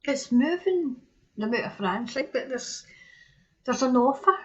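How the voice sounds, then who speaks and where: A woman's voice: high-pitched, animated, unhurried. Chatty Scottish woman, lo-fi sound. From Scotland. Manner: chatty, rambling, laughs at herself. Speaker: tarot reader. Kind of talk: casual live tarot reading. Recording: dull lo-fi audio.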